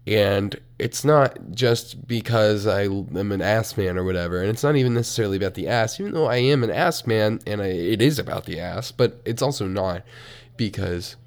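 A young man in a college dorm room hosting a solo podcast, profane and animated, swinging between mumbled asides and loud outbursts. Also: lowish voice, moderate pace. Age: young adult. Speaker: podcast host. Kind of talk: casual solo podcast rant.

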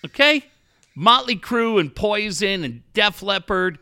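A man's voice: sits high, animated, takes it slowly, vocal fry, sharp tone. A man hosting a sports radio show, ranting sarcastically and swearing constantly. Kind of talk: profane sports talk rant.

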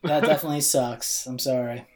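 Podcast host, casual bro talk with easy swearing, mid pitch. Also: male voice, fairly even intonation, fast, a crowd in the background. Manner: loose, bro-ish, swears freely. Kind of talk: casual chat.

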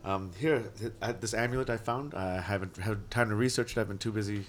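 A man's voice: fairly low pitch, brisk, a little hiss or hum, close to an everyday voice. A man voicing a frail, frantic wizard who rambles in a flustered hurry.

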